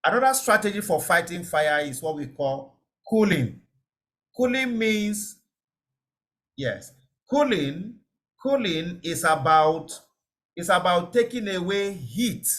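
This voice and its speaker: Brief: male safety trainer on a web call, fairly high voice with an animated, up-and-down delivery, repeats key points. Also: takes it slowly, pauses often. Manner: explanatory, repeats key words, checks understanding. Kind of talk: online lecture.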